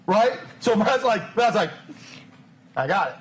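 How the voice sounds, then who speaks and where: A man hosting a live stream, telling lively stories about his work and acting out the people in them. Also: high-pitched, measured pace, pauses often, heavy background noise. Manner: animated storyteller, acts out quoted people. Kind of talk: casual storytelling chat.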